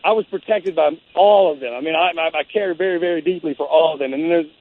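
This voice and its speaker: A man in his forties, the guest, telling a story in a halting, rambling way full of restarts. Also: fairly high pitch, no echo. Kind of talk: casual storytelling. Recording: phone-like narrow sound.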